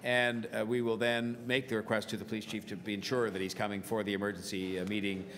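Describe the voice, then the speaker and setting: Man, meeting chair, lowish voice, halting, procedural, long chamber reverb. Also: little pitch movement, a bit bright. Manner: halting, procedural, frequent fillers. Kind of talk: chairing a council committee meeting. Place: large council chamber. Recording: long-reverb council chamber with faint noise.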